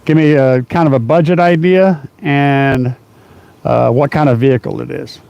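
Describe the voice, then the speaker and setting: Steady in tone and medium in pitch, a middle-aged man talks at a moderate pace on his casual car audio livestream, with the highs cut off. He rambles roughly, laughing a lot and filling gaps with fillers.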